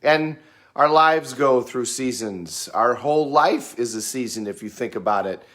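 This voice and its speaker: A man's voice: medium pitch, lively intonation, a bit bright. Man telling a folksy reflective story. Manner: unhurried, folksy storytelling with fillers. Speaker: speaker sharing reflections. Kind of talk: casual reflective monologue.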